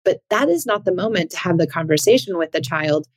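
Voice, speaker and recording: Earnest low-voiced woman podcaster. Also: expressive, brisk, no echo. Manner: earnest, thinking aloud with rhetorical questions. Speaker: parenting podcast host. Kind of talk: reflective solo podcast talk.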